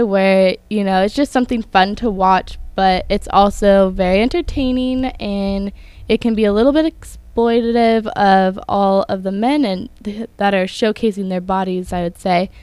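A young woman hosts an entertainment news show on the radio, moving through her stories in a chatty way and adding casual opinions as she reads. Her voice is smooth and clean. The sound is close and dry, with no room around it. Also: mid-range voice, steady tone, unhurried, darkish tone, dry recording. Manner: chatty, reads from notes with asides. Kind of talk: scripted entertainment news talk.

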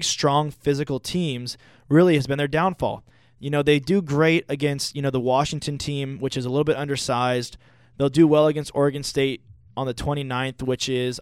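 A young man co-hosting a live sports radio show, talking like an excitable fan with big opinions. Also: medium pitch, clear, resonant tone, no room sound, clean studio sound. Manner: excitable, gloating fan talk. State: out of breath. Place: radio studio.

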